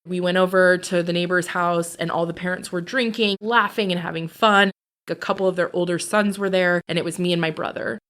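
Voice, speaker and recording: A woman's voice: lowish voice, steady tone, a little fast, fairly bright tone. A woman, a podcast guest, telling her own life story in a blunt, candid, profane way. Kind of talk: personal storytelling.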